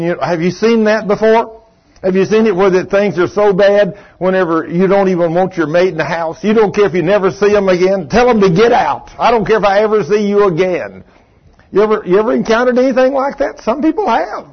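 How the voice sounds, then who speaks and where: An older man, a pastor telling a story in a sermon in a folksy, chatty way and chuckling often as he talks to the congregation. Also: on the high side. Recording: muffled lo-fi sermon recording.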